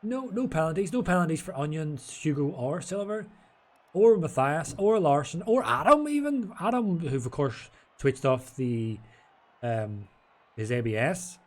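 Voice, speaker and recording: A man's voice: on the high side, very animated, unhurried. A man casually commentating a sim race from home, chatty and rambling, a bit tipsy. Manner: chatty, rambling, restarts and jokes. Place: home room.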